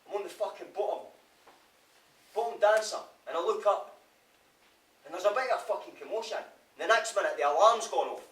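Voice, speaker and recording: A man's voice: high voice, brisk, long pauses, fairly bright tone. An actor with a Scottish accent playing a remorseful male prisoner in a theatre monologue, swearing constantly. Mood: guilt-ridden. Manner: raw, swearing constantly, brooding. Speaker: stage actor. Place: theatre stage. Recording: live stage, roomy, from far off.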